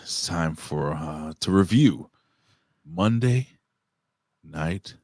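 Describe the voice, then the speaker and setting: A man's voice: deep voice, extremely slow, no echo. A man hosting a casual wrestling review show, joking and slipping into announcer-style hype. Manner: animated, announcer-style shouting bits. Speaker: show host.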